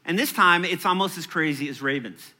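A man's voice: fairly high pitch, a little fast, pushed and bright. A man in his thirties preaching a sermon in a church, conversational and playful, with chatty asides. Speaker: pastor.

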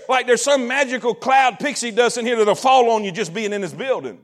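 Very high-pitched, shouting preacher man. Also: fairly quick, few pauses. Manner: animated preaching with shouted, repeated lines and questions to the congregation. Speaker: pastor. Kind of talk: sermon. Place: church sanctuary.

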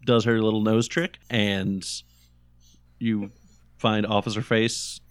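A man's voice: on the low side, flat delivery, slow pace, clean tone, no room sound. A man narrating as game master of a tabletop game, describing scenes in a hesitant way with fillers.

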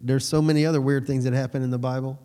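A man's voice: mid-range voice, flat delivery, fast, mellow. A man preaching a sermon in a conversational way, laughing between points and asking the room if they follow. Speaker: pastor.

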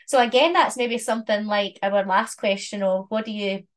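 A woman co-hosting a podcast, talking in a relaxed, reflective way and laughing easily. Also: medium pitch, moderate pace. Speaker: podcast co-host. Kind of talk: casual chat.

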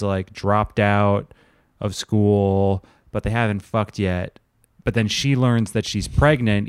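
Man, low-ish smooth voice, dry close sound, crude rambling podcast chatter. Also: no room sound. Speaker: podcast co-host. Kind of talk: casual comedic chat.

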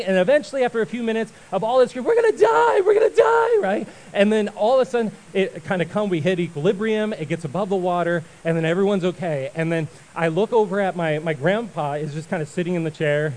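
A male pastor giving a sermon, telling a story with lively acted-out voices before turning to prayer. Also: high voice, quick pace, low-quality recording. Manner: animated storyteller, acts out voices and shouts.

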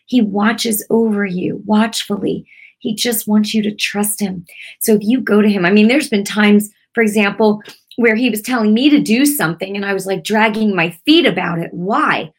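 A woman's voice: mid-range voice, moderate pace. A middle-aged woman teaching prayer in an earnest, conversational way, repeating herself and using many fillers. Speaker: Christian teacher. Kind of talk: informal devotional teaching.

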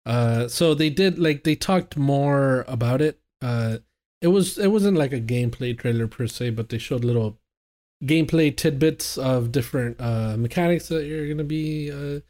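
A man with a mellow, dark-toned voice talks games as a podcast co-host. He is casual and enthusiastic, with loose phrasing and plenty of fillers. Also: mid-range voice, normal speed. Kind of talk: casual chat.

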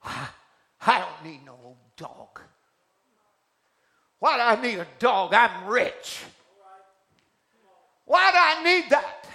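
A man preacher voicing a greedy, boastful gold miner who shouts and gloats over his riches. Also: high voice, lively intonation, moderate pace, gravelly, exaggerated voice. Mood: angry boasting.

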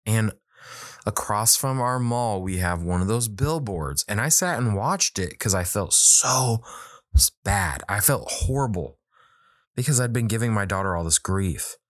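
A man's voice: fairly low pitch, measured pace, dry recording, studio quality. A man in his thirties, a children's book author, telling a story in casual conversation and acting out the quoted dialogue. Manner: animated, acts out quoted dialogue.

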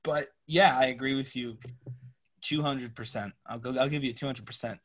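A man's voice: mid-range voice, steady tone, normal speed. Emphatic laughing male podcast co-host. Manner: emphatic, laughs often, incredulous. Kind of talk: casual chat.

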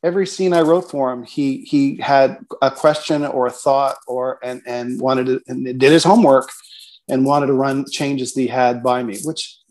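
A middle-aged man, a writer-producer hosting an interview, talking in a relaxed way and laughing between thoughts. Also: medium pitch, moderate pace. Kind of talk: conversational interview.

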